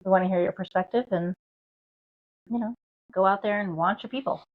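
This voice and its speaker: A woman's voice: mid-range voice, fairly quick, phone-quality sound. A woman co-hosting a podcast in a casual, chatty way, often saying "like" and "you know". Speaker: podcast co-host. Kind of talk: casual chat.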